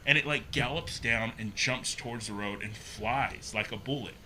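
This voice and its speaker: A man guest on a podcast, telling a personal story in a casual, animated way, acting out the voices he quotes and using plenty of fillers. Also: medium pitch, normal speed, a little hiss or hum. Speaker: podcast guest, haunted maze builder.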